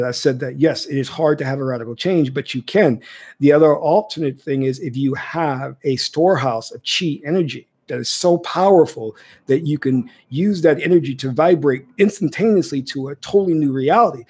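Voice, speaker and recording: A spiritual teacher answers viewer questions on a casual livestream, his male voice on the high side, a little mellow, with a breathy edge. He often checks in with "okay?" and repeats phrases as he teaches.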